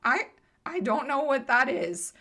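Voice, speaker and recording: A woman voicing a timid, simple pony who talks in halting, rambling bursts. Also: high voice, very animated, pushed and bright, voice pushed up, heavily acted. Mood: plaintive.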